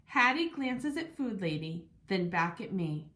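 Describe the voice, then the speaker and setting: A woman narrating a children's storybook in first person with an expressive, lively delivery. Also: medium pitch, slow pace, few pauses. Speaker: audiobook narrator.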